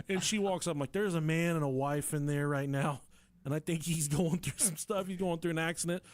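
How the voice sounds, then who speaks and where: A young man telling a story on a podcast, profane and animated, laughing through it. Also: a little high, moderate pace, dry recording. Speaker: podcast co-host.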